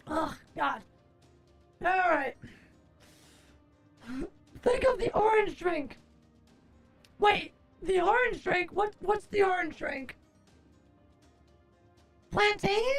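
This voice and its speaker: A woman streamer chatting casually, answering chat aloud, groaning, swearing and expressive. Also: very high-pitched, slow pace, creaky, pauses often, soft background music. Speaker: livestreamer.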